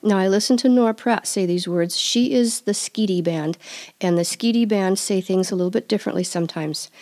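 Woman host for a language lesson podcast, mellow tone, slow careful repetition of each word. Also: mid-range voice.

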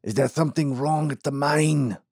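A man doing a sick, gruff old mine owner. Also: a little high, moderate pace, darkish tone, no echo, clean studio sound, voice pushed up. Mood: anxious. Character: ailing elderly male mine owner, gruff yet hearty.

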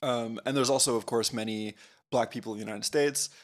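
A man's voice: medium pitch, steady tone, fairly quick. A man co-hosting a podcast, explaining things in a thoughtful, casual way with frequent fillers. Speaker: podcast co-host.

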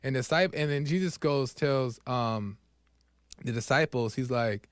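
A man hosting his own podcast, talking through a spiritual reflection in a loose, rambling way, full of fillers and "right?", sometimes dropping soft and low as he retells scenes. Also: fairly even intonation, unhurried, clear, resonant tone, dry recording, clean studio sound. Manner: conversational, rambling, frequent "right?" and "um". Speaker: podcast host. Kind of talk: casual spiritual monologue.

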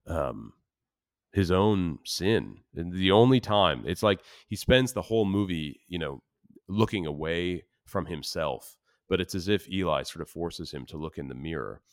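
Man with a very low voice, podcast co-host, hesitant casual film talk, dry close mic. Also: no room sound. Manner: hesitant, restarts often, laughs when quoting.

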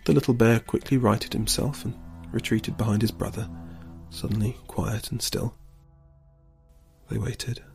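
A man reading a story aloud in a calm, steady storybook narration. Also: lowish voice, unhurried, vocal fry, over music.

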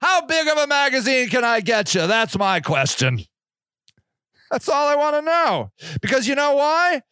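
High-voiced ranting man. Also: sing-song, normal speed, bright, forceful tone, clear, resonant tone, no room sound, clean studio sound. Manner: profane, ranting, sarcastic. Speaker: podcast host. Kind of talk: casual monologue.

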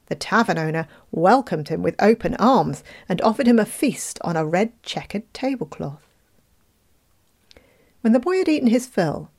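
Expressive woman reading a fairy tale. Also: medium pitch. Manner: expressive, playful asides. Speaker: storyteller.

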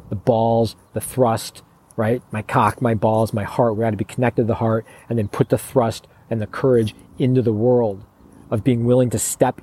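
Man, motivational coach, blunt, swearing, pleading emphasis, warm mellow tone. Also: mid-range voice, husky, poor audio. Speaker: men's coach. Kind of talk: motivational monologue.

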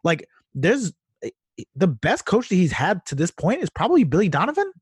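A man co-hosting a casual sports podcast, talking in a quick, excitable, animated way. His voice sits a bit high for a man, and the sound is dry and close with no room echo. He swears freely as he talks. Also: husky. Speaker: podcast co-host. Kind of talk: casual chat.

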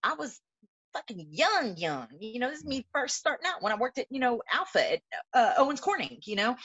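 Woman, 30s, podcast host, husky voice, swings her pitch wide and high, profane loud laughter, dull lo-fi sound. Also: big pitch swings, fairly quick. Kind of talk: casual chat. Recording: dull lo-fi audio.

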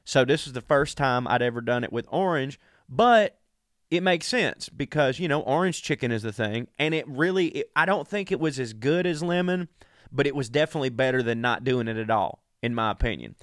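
A man's voice: medium pitch, brisk, a bit bright, dry recording. Profane man, dry close sound. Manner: profane, chatty, talks straight to listeners. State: sick. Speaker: podcast host. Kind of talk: casual monologue.

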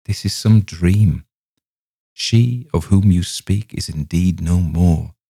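A man voicing a grave, gentle old rabbi who speaks slowly, with old-fashioned phrasing. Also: sits low, no room sound, clean studio sound. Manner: measured, compassionate, archaic phrasing.

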